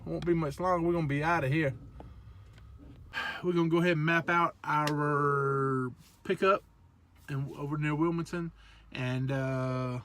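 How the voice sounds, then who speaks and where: A man's voice: on the high side, a little hiss or hum. A man from South Georgia with a Southern accent, chatting casually and joking around in a rambling vlog from his truck. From South Georgia / North Florida, USA. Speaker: truck driver vlogger. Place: truck cab.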